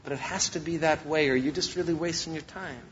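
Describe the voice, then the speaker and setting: A man's voice: a little high, fairly even intonation, brisk, highs cut off, slight background noise. A male pastor preaching a sermon, emphatic and repeating his key phrases.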